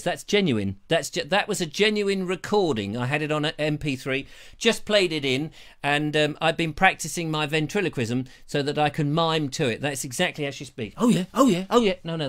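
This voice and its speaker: A man's voice: a little high, a bit bright. A man hosting his live show, talking casually and playfully, rambling from one joke to the next. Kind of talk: casual live-stream chat.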